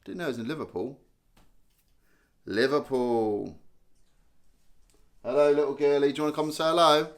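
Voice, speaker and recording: A man's voice: fairly high pitch, normal speed, pauses often. A young man hosting a casual live stream, chatting and joking as he reads out viewer comments. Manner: chatty, self-mocking, reads viewer names aloud.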